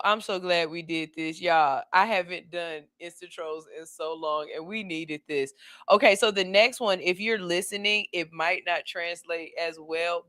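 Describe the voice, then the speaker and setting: A woman hosting a podcast, reacting to clips in casual, profane commentary and laughing often. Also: lowish voice. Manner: loud, laughs often, swears freely. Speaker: podcast host.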